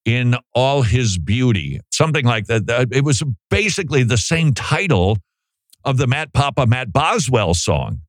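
A man hosting a casual talk show, his pitch swinging lively from high to low as he muses and tosses questions at his co-host. The sound is dry and close, with no room around it. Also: no room sound. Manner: animated, musing, rhetorical questions. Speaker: podcast host.

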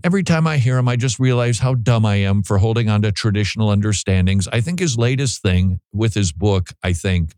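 A man's voice: lowish voice, fairly quick, few pauses, darkish tone, smooth, dry recording. A man hosting a talk show, giving sarcastic, mocking commentary with laughing asides. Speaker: host.

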